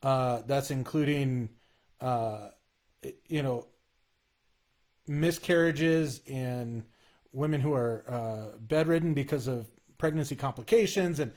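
A man talking through his faith in a relaxed conversation, earnest and a little halting. He often stops and restarts his sentences. His voice sits at an ordinary middle pitch.

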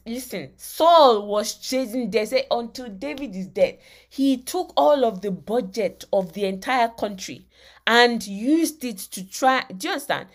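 A woman preaching a sermon, emphatic and often asking her listeners whether they understand. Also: a little high.

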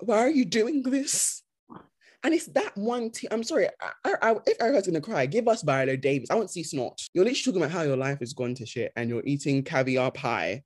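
Podcast co-host, casual chat, lively swooping pitch, mocking impressions.

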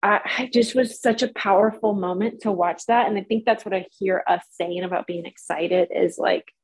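A woman co-hosting a podcast, telling a rambling, animated story in casual chat. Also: medium pitch, moderate pace, breathy edge, low-quality recording. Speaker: podcast co-host.

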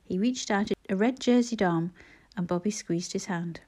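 A woman reads a classic children's story aloud, with a measured, unhurried storytelling manner. Her voice is mellow and dark-toned, soft rather than bright, at a middle pitch for a woman. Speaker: audiobook narrator. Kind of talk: storybook reading.

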